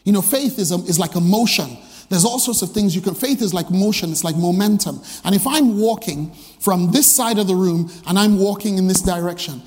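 Animated male preacher in a reverberant hall. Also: brisk. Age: middle-aged. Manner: animated, breaks into pitched voices for quoted characters. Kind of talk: sermon with personal stories.

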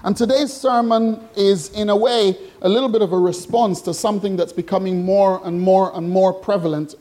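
A man's voice: high-pitched, fairly even intonation, normal speed, dark tone. A man preaching an interactive sermon to a congregation, chatty and jokey, asking questions and teasing the room. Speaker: pastor. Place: church hall with congregation.

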